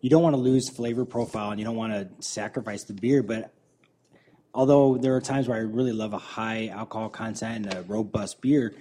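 A man's voice: fairly low pitch, fairly even intonation, a little fast, dark tone. A man joining a casual beer podcast chat, talking fluently and thoughtfully.

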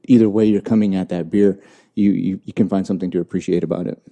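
Very deep, dark-voiced man chatting. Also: fairly even intonation, quick pace. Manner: rambling, many fillers and restarts. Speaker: podcast co-host. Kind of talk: casual beer chat.

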